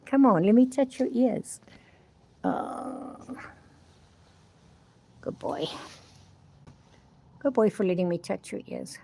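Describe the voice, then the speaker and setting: A woman's voice: medium pitch, animated, takes it slowly, vocal fry, long pauses, mellow, a little hiss or hum. Chatty older woman vlogging at a stable. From South Africa. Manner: chatty, rambling, talks fondly to her horses. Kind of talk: casual vlog chat. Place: outdoors at a horse stable.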